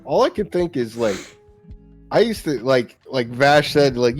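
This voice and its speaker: A man's voice: mid-range voice, animated, moderate pace, soft background music. A man chatting casually with friends, stammering and repeating words, swearing often. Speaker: podcast co-host. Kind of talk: casual chat among friends.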